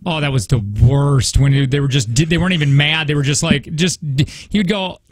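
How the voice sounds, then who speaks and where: A man co-hosting a radio talk show, telling animated stories about his family in casual banter from a studio mic. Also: fairly high pitch, fairly quick, a little hiss or hum. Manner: animated storyteller who acts out family quotes. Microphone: studio microphone.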